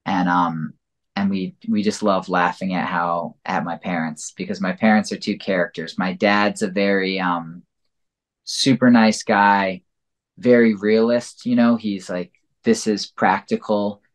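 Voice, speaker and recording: Male guest with a very low voice, loose and reflective, lots of filler words. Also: steady tone, measured pace. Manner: rambling and reflective, heavy use of "like" and "you know". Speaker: podcast guest. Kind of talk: casual conversational interview.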